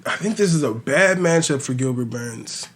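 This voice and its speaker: A man's voice: medium pitch, normal speed. A man talking casually as a podcast host, rambling and swearing as he predicts fights, with a slight lisp. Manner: profane, rambling, animated storytelling.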